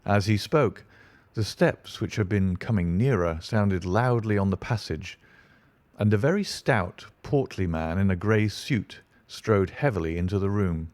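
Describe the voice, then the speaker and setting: A man narrating a classic detective novel in a steady, descriptive audiobook reading. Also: lowish voice, a little slow, no room sound.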